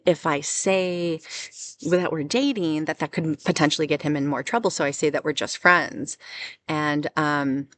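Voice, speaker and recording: A woman recounting a personal experience as an unscripted testimony, halting and full of restarts. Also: deep voice, fairly bright tone, no room sound. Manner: halting, with many restarts and fillers. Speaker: survivor telling her story. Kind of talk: personal testimony, casual storytelling.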